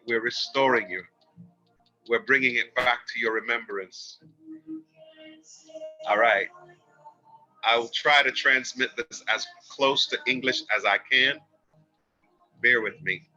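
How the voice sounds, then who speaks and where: Bright-voiced man giving a spiritual reading. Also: mid-range voice, steady tone, unhurried, long pauses, faint music behind. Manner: soft, earnest, spiritual and emotional. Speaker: spiritual card reader. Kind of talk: livestreamed oracle card reading. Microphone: phone. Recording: dull lo-fi phone livestream audio.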